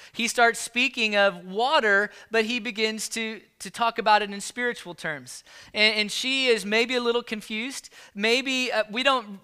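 A man preaching a sermon in a relaxed, conversational way, often restarting his words and checking in with "all right?". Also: sits high, smooth. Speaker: pastor.

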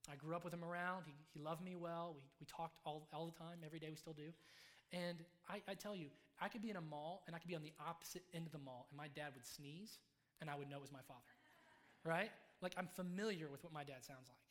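A young man delivers a sermon as if telling stories to friends, his voice pitched a little above average. He talks casually and lets it fall to a soft hush when he wants quiet emphasis. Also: quick pace. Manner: conversational, storytelling, drops to soft hushed tones for quiet moments. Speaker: preacher.

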